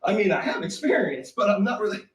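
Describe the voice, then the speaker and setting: Man as a cocky crude flirt, very lively pitch, echoey, off-mic. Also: fast, far from the mic. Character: crude flirtatious party guy, cocky and shameless. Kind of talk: comedy series acting.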